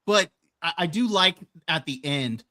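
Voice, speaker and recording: A man's voice: on the high side, lively intonation, unhurried, a crowd in the background. A man co-hosting a casual movie podcast, often stumbling over repeated words as he starts a thought. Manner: repeats words when starting, quotes film lines. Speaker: podcast co-host.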